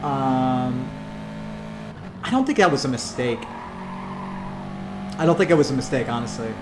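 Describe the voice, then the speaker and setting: Streamer dude talking to chat, lively pitch, roomy sound, game music behind. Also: male voice, a little slow, background noise. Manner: chatty, talks straight to chat, many likes and you-knows. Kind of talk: casual live-stream commentary. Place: home room with racing rig.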